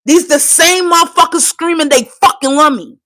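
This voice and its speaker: A woman's voice: very high-pitched, moderate pace, fairly bright tone. A woman from Trinidad, fighting back tears, ranting on a livestream in a profane, impassioned, insistent way. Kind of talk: emotional live-stream rant.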